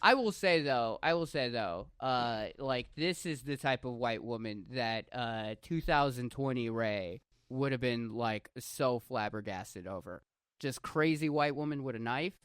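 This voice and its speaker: A man's voice: medium pitch, expressive, unhurried, fairly bright tone, clean tone, no room sound. A man co-hosting a casual podcast, joking around and swearing freely.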